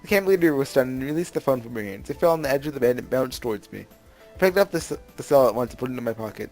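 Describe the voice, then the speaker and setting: A man's voice: medium pitch, quick pace, soft background music. A man hosting a let's play, reading game text aloud with commentary, laughing often and reading character lines with playful emphasis. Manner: laughs often, bursts into loud excited reactions.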